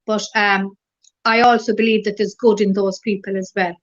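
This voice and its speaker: A middle-aged woman from Ireland is the guest in a casual interview, a gentle, rambling storyteller with many fillers whose thoughts loop back with "as I said." Her pitch is an ordinary middle one, and she speaks at normal speed with a flat delivery. The recording sounds dull and a bit lo-fi.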